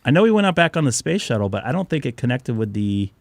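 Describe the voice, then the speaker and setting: A man's voice: mid-range voice, very animated, quick pace, gravelly, darkish tone, no room sound. A man hosting a ham radio live stream, chatting casually and telling rambling stories while losing his voice a little. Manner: rambling, storytelling, joking. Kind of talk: casual chat.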